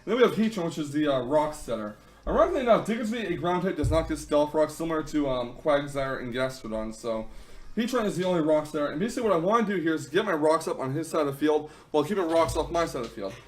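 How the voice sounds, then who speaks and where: A young man hosting a gaming channel, chatting through a game battle with frequent ums and quick self-corrections. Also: on the high side, lively intonation. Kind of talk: casual battle commentary.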